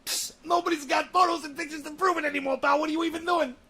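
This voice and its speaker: A man voicing a scornful male heckler who shouts and jeers. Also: extremely high pitch, steady tone, fast talker, gravelly, pitched above the performer's own voice, exaggerated voice. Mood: jeering. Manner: shouting, jeering.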